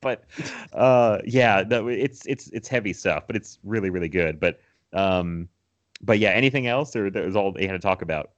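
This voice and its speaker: A man's voice: sits low, moderate pace, muffled recording. A young man co-hosting a podcast, chatting casually about movies, rambling with restarts and laughing often. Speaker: podcast co-host.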